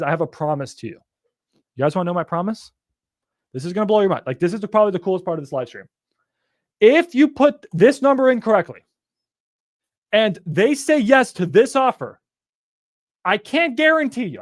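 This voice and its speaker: A man teaching on a live stream in an energetic, rambling way, with some swearing. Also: sits high, no echo, studio quality. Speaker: real estate investor teaching on a live stream.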